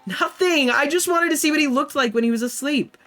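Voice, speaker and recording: A woman's voice: high voice, brisk, fairly bright tone, faint music behind, pitched above the performer's own voice. A woman voicing a defensive young female circus performer in a game, answering with curt, dismissive retorts.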